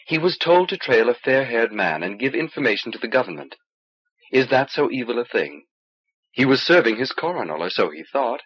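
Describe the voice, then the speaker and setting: A man voicing a calm, gentle young exiled lord who speaks in a measured way, on an old cassette recording. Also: medium pitch, slightly rough, highs cut off.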